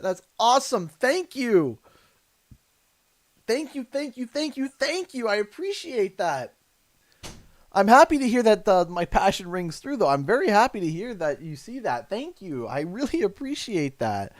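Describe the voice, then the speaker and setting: Lively Canadian streamer guy. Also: high-pitched. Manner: effusive, rambling, quick to thank viewers. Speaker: livestream host. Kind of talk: casual livestream chat.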